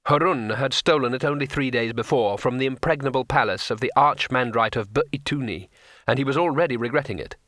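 A man's voice: medium pitch, brisk, a bit bright, no echo. A man narrating an audiobook in a dry, wry storytelling manner.

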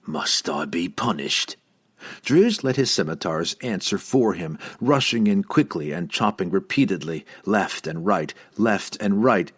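A man reading a fantasy novel aloud as an audiobook narrator, in a dramatic, expressive storytelling voice. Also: lowish voice, slightly rough.

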